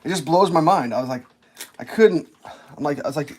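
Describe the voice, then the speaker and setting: Man streamer, slightly high voice, loose anecdotal chat, faint noise behind. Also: fairly quick, pauses often, darkish tone. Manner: rambling, anecdotal, many fillers. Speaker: livestreamer. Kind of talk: casual storytelling chat.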